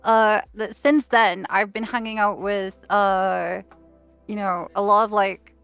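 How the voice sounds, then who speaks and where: A woman's voice: medium pitch, steady tone, a little slow, creaky, fairly bright tone, smooth, faint music behind. A young woman with a Liverpool accent, chatting on a livestream and stopping often to restart. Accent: Liverpool English. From England, Liverpool. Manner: hesitant, many fillers and restarts. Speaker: streamer host. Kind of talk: casual chat on a livestream.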